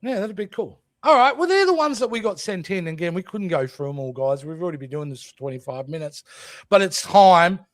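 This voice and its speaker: An Australian man hosts a casual podcast chat, joking and swearing freely. His fairly high voice swings widely in pitch. The sound is close and dry. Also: fairly quick, no room sound. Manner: animated, jokey, swears freely. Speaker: podcast host.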